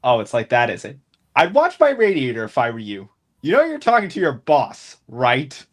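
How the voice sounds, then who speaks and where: A man on a casual stream, joking and sarcastic in an animated way. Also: medium pitch, normal speed.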